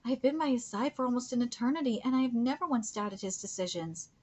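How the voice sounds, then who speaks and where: A woman's voice: a little high, fast, a little mellow, voice pushed up, lightly acted. A woman reading aloud the formal lines of a loyal male insect-like shadow soldier from a comic. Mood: solemn.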